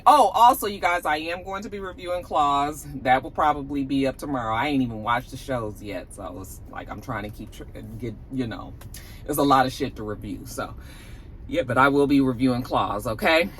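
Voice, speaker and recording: Her voice is low and her delivery brisk as this woman, a TV vlogger, recaps an episode during her lunch break at work, animatedly voicing each character's lines. There's a slight hiss or hum in the recording.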